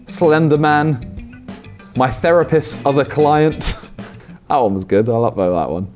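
A man's voice: a little high, darkish tone. A young man, reacting to fan posts in casual commentary, teasing and self-mocking.

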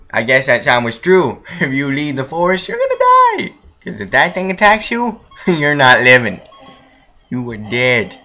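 Young male gamer, bright and slow-paced, goofy running commentary over faint game music. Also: mid-range voice. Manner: goofy, jokey, talks to the game characters. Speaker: let's play gamer.

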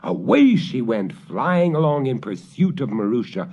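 Brief: dramatic male storyteller, slow and expressive, warm low tone, lo-fi. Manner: theatrical, slow, relishing. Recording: dull lo-fi old recording.

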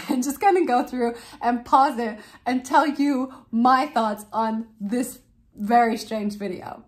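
A woman's voice: on the high side, fairly even intonation, slow pace. A woman from Canada, casually reacting to a video for her vlog, amused and laughing often. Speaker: vlogger and parent.

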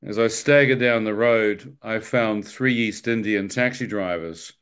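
A man with a New Zealand accent recounts a near-death story as a spoken testimony. He tells it like an animated storyteller, putting on voices for the people in it and laughing as he goes. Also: lowish voice, unhurried, smooth. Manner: animated storyteller, acts out dialogue, laughs often. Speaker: guest telling his testimony.

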